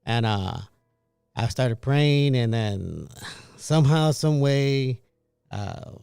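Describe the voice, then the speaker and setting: A man casually recounting a childhood experience, halting and restarting as he goes. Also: medium pitch, expressive, creaky, a little mellow, clear, resonant tone, dry recording, studio quality. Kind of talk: casual storytelling.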